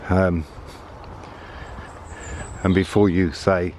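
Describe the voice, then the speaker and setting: A man's voice: low-pitched, flat delivery, very slow, darkish tone, a little hiss or hum. A man chatting casually while walking through summer woods with a handheld camera. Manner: rambling, chatty, thinking aloud. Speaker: vlogger on a woods walk. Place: outdoors in summer woodland. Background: birdsong and faint outdoor ambience.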